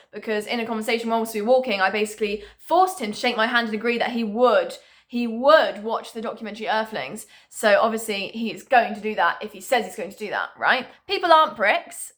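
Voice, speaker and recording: Bright, chatty young woman. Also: a little high. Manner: chatty and animated, swears freely, laughs often. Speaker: vlogger. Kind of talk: casual storytime monologue.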